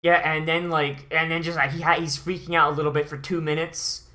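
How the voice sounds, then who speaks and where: Brief: bright-toned anime reviewer, profane, fed up, heavy sighs. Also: medium pitch, level tone, brisk. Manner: profane, exasperated, sighing. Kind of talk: ranting watch-along commentary.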